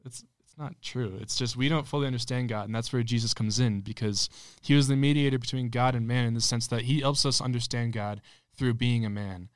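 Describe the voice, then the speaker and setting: A man's voice: mid-range voice, steady tone, a little fast, few pauses, smooth, no echo, clean studio sound. A man co-hosting a podcast, chiming in casually on faith topics and agreeing with the others. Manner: affirming, laughs often. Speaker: podcast co-host.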